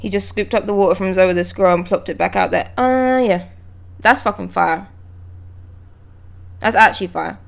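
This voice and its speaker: A young woman streaming live, reading manga dialogue aloud and breaking off to react with excited exclamations and swearing. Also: mid-range voice, moderate pace, vocal fry, pauses often.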